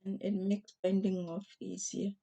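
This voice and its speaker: A woman with a hoarse voice talking casually through a craft tutorial, chatty and gentle, with frequent pauses and restarts. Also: medium pitch, little pitch movement. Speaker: crochet vlogger.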